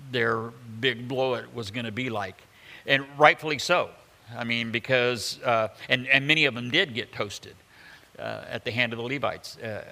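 A man preaching a sermon, his voice bright and forward. He talks in a loose, conversational way, full of "uh"s, restarts and joking asides, and his voice rings out with a long hall reverb behind it. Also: medium pitch. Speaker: pastor.

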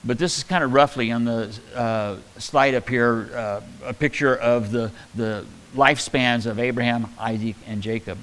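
A man preaching a conversational Bible-teaching sermon, talking in a halting way with many fillers and restarts. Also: medium pitch, steady tone, fairly bright tone, poor audio. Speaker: pastor.

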